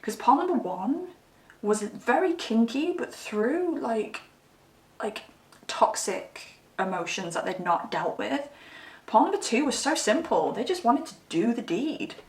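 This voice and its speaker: A woman's voice: a little high, big pitch swings, measured pace, a little mellow. A woman giving a casual tarot reading, chatty and giggly, often breaking into laughter. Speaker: tarot reader. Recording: echoey room, mic at a distance.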